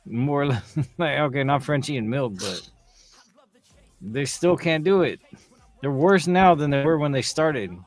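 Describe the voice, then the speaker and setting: A man co-hosting a casual show chat, musing about characters with quiet trailing asides. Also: fairly high pitch, a little slow, pauses often, no room sound, faint music behind. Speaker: podcast co-host.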